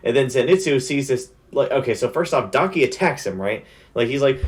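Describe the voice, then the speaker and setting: A young man giving a casual spoiler recap of an anime, talking in an excited, slang-heavy rush. His voice sits at an everyday middle pitch, and he piles up fillers as he goes. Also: moderate pace, hardly any pauses. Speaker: anime reviewer.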